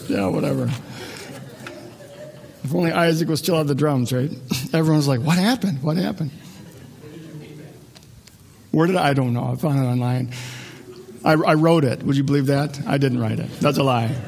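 A man's voice: medium pitch, a little fast, creaky, pauses often, darkish tone. A man preaching a sermon as a pastor, conversational and joking, often restarting his sentences.

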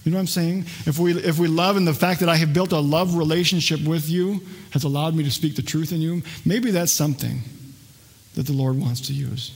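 A male pastor preaching a sermon, earnest, swinging between raised intensity and a hushed, soft delivery. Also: a little high, steady tone, brisk. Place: church sanctuary.

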